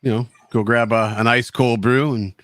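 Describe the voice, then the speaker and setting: A man on a stream as a debate winner, joking in a deadpan, self-mocking way. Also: mid-range voice, moderate pace, dry recording. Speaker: guest debater, winner of the match. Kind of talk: casual livestream chat.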